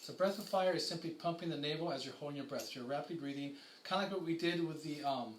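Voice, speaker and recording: A man teaching a kundalini yoga and breathing class, calmly guiding students with casual fillers. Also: a little high, noisy background. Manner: calm, slow guiding chant with many fillers. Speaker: yoga instructor. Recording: echoey room with faint ambience.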